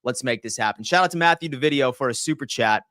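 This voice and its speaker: A man hosting a live sports talk stream, energetically reading out viewer shout-outs and giving his take. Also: medium pitch, fast talker, no echo, studio quality. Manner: energetic, reads chat shout-outs aloud. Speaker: sports livestream host.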